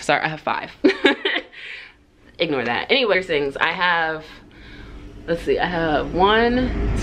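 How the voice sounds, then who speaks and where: Low-voiced woman, chatty and rambling. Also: fairly bright tone. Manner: rambling, full of "like" and "um", goes off on tangents; laughs often between sentences. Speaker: hair vlogger. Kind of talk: casual get-to-know-me chat.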